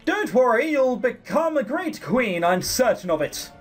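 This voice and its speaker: A man reading the lines of a courteous young prince in a formal, measured way. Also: very high-pitched, very animated, faint music behind, pitched above the performer's own voice, exaggerated voice. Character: earnest young male prince, poised and courteous.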